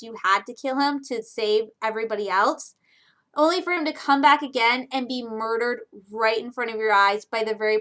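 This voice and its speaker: A young woman from Michigan, talking chattily and excitably in a casual recap vlog, with frequent restarts. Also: fairly high pitch. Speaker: vlogger.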